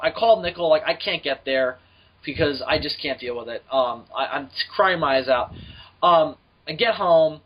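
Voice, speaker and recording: A young man hosting a podcast, telling a story in a profane, animated way and acting out the voices of the people in it. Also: fairly high pitch. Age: young adult. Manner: profane, animated, acts out voices in his stories. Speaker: podcast host. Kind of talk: casual storytelling chat. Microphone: home mic on a voice call. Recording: muffled lo-fi call audio.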